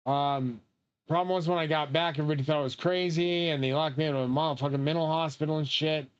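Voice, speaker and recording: A man rambling in a profane, excitable way while he plays a game and comments. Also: on the high side, fast talker, clear, resonant tone, dull audio. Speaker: game streamer.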